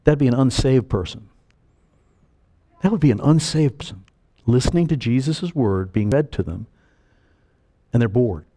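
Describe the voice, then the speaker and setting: Preaching with animation, an older male pastor mimics each person he quotes. He speaks at medium pitch and a normal rate, stopping often to pause.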